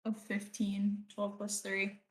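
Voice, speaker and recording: A young woman plays her character in a tabletop game at an unhurried, drawn-out pace. She giggles often and hesitates with lots of ums. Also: mid-range voice, completely flat delivery. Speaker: player. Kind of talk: casual tabletop game play.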